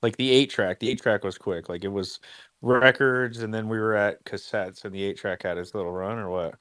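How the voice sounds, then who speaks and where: A man hosting a casual live audio chat, loose and excitable, laughing and swearing freely. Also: fairly low pitch, normal speed, no echo.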